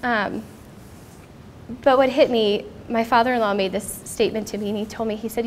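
A woman's voice: on the high side, fairly even intonation, normal speed, slight background noise. A woman in her thirties speaking at a conference, telling a personal story in an earnest, reflective way. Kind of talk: personal testimony talk. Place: conference stage.

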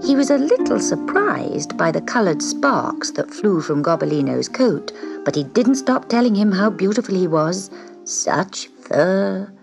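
A woman reading a children's storybook aloud in an expressive way, dipping into whispers on key words. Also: medium pitch, normal speed, vocal fry, over music.

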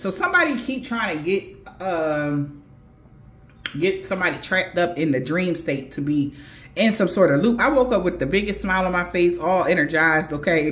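Animated, cussing woman intuitive reader. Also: medium pitch. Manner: animated, profane, laughing asides. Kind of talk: casual spiritual storytelling. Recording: roomy echo.

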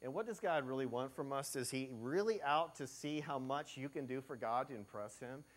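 A pastor delivering a sermon in church, asking the congregation many questions and swinging between loud and hushed delivery. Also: male voice, mid-range voice, normal speed. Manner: acts out quoted voices in his telling.

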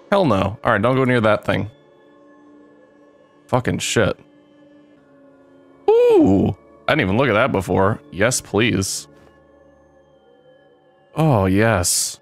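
Gravelly, low-voiced gaming man. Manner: excitable, profane reactions with sudden yelps. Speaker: gamer playing a modded game. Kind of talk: let's play commentary.

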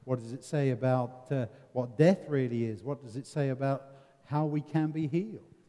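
A man's voice: mid-range voice, normal speed, dark tone. A man with an English accent leading a seminar discussion, earnest and given to rhetorical questions and wry humour. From England. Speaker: seminar presenter. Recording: reverberant hall.

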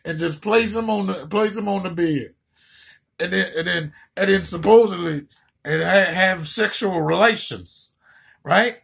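A man's voice: sits high, unhurried, vocal fry, a bit bright. A man doing a profane comedic rant, stammering and repeating words as he goes.

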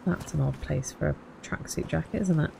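A woman's voice: low voice, a little fast, gravelly, background noise. A young woman commenting wryly to herself as she plays a survival game for her channel. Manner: chatty, wry self-talk while playing. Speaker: gaming channel host. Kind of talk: casual gameplay commentary.

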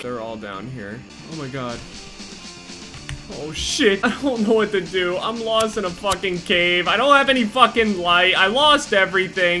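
A young man commentating a horror survival game, panicky and swearing, yelling at the game as he plays. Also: high-pitched, lively intonation, moderate pace. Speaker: gameplay streamer. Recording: loud game music behind the voice.

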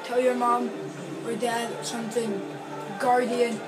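A woman's voice: on the high side, level tone, measured pace. A woman chatting in a rambling, self-correcting way while commenting on a racing game she is playing. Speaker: gaming video creator. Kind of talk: casual gameplay commentary. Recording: roomy sound with game music. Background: racing game music.

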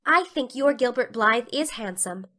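A passionate, fiery young girl, voiced by a woman in an audio drama, her bright, lifted voice full of pride. She speaks with dramatic intensity. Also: fairly high pitch, expressive, unhurried. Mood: confiding.

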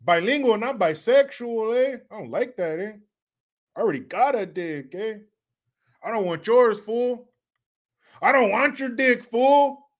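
A brash, teasing Chicano homeboy, as a man puts him on, with a Chicano English accent. He stretches his words into slow, taunting slang. His voice sits high and swings widely. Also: lively intonation. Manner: exaggerated slang, drawn-out taunting.

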